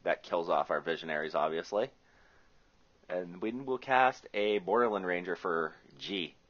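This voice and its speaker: A man's voice: sits low, moderate pace, a bit bright. A man from the US Rust Belt giving chatty, joking play-by-play commentary on his own card game and thinking his moves through aloud. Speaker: Magic player commentating his own match. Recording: muffled lo-fi recording.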